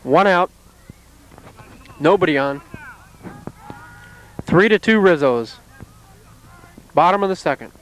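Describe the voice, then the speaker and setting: A man calling play-by-play at an amateur softball game outdoors, in a calm, steady, plainly descriptive way. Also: sits high, takes it slowly, long pauses, slight background noise, rough recording. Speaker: play-by-play announcer.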